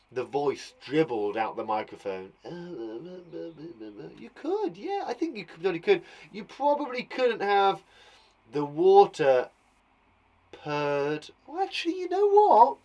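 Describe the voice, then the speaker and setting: A man's voice: sits high, a little mellow, muffled recording. A man teaching young children online, chatty and thinking aloud as he acts out the sounds of words. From England. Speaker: primary school teacher.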